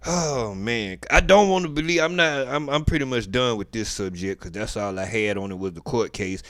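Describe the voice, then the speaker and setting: A man's voice: medium pitch, normal speed, a bit bright, no room sound. A man giving profane, slang-heavy live commentary on a court video, emphatic and lecturing. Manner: emphatic, profane, slangy, keeps addressing the defendant as "boy". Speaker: online commentator.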